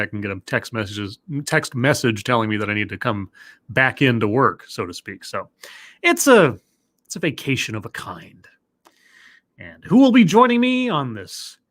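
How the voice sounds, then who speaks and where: Guy hosting a chill live stream at home, reads off chat names, pitch jumping all over, kinda high voice. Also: a bit bright. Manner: playful, greets chat members one by one with sudden pitch jumps. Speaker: live-stream host reacting to talks. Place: home room.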